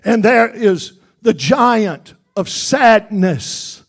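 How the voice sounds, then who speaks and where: Fervent preacher with a high voice. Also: male voice, animated, extremely slow. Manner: fervent, repetitive preaching that builds to shouts. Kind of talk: sermon.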